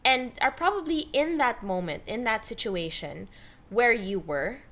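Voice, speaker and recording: A woman with a Filipino accent hosting a podcast interview, lively and mixing English with Tagalog. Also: fairly high pitch, a little slow. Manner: animated, switching between English and Tagalog. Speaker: podcast host. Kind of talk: conversational interview.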